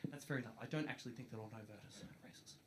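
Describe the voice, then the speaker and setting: A man with an Australian accent doing a profane stand-up comedy set, swinging from shouted bits to mock-quiet asides. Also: medium pitch, rapid-fire. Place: live comedy venue before a laughing audience. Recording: live stage mic, loud crowd noise. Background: loud crowd laughter.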